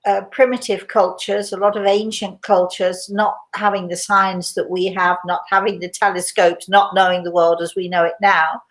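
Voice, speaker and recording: At a moderate pace with hardly any pauses, an older British woman talks in a level, mid-range, fairly bright voice with a British accent. She's hosting a casual livestream and taking questions from her audience. She comes across as chatty and rambling, laughing easily.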